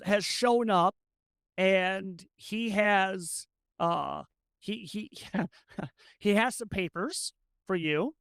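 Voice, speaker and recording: Gravelly-voiced tabletop game master. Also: mid-range voice, a bit bright, no echo. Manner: rambling, quick, many restarts.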